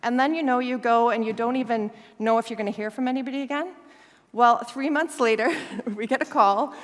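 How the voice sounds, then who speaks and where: A woman guest speaker telling a lively story, laughing often and acting out the voices of the people in it. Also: a little high, brisk. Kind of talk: storytelling talk. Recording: long hall reverb.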